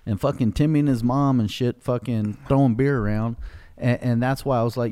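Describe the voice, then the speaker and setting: A man's voice: mid-range voice, brisk, dry recording. A middle-aged man hosting a podcast, telling a story bluntly and with plenty of swearing. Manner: blunt, profane, animated retelling. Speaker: podcast host. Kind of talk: casual storytelling.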